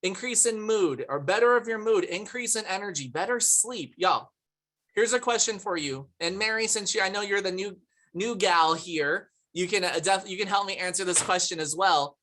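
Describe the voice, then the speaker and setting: Her mid-range voice moves at a moderate pace and has a fairly bright tone. She is hosting an upbeat live product presentation on a video call via computer mic, chatting, laughing often, and naming viewers from the chat as she greets them.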